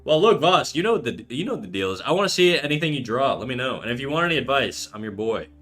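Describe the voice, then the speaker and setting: A man's voice: medium pitch, big pitch swings, fast, a bit bright, faint music behind. A man in his thirties hosting a drawing livestream, chatting casually and profanely as he reads chat aloud. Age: 30s. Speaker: art livestreamer.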